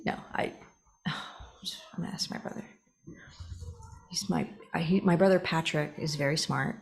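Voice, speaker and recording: Low-voiced woman reading novel excerpts. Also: a little slow, long pauses. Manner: chatty, laughs at herself, breaks off to comment. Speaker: book reader and channel host. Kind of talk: reading novel openings aloud with casual asides.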